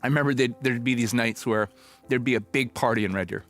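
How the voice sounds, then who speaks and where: A middle-aged pastor telling a personal story in a conversational, reflective sermon, now and then acting out old conversations. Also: male voice, mid-range voice, fast, a bit bright, faint music behind.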